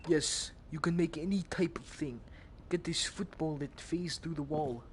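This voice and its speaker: A man's voice: a little high, unhurried, noisy background. A young man giving joking, rambling gameplay commentary, swearing now and then. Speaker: gamer.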